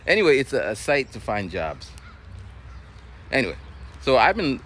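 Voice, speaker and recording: A man walks and talks to the camera outdoors in a casual vlog, his pitch sitting in the middle. He rambles through a story and acts out both sides of each exchange. Faint traffic hums in the background. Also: moderate pace. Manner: rambling, animated, with quoted dialogue. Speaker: vlogger. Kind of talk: casual storytelling while walking. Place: outdoors on a street. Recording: faint street noise outdoors. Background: faint traffic noise.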